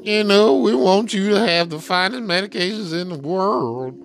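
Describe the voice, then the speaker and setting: A man's voice: sits high, expressive, moderate pace, gravelly, fairly bright tone, faint music behind, pitched above the performer's own voice, heavily acted. A man putting on the voice of a smug male health official pushing medications, mocking and sing-song.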